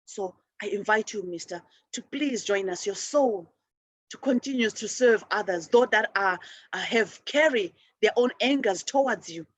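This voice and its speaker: With a medium-pitched, slightly rough voice and lively intonation, this spiritual show host guides a forgiveness practice at a moderate pace. She's earnest, often restarting and repeating herself, and offers gentle affirmations to souls.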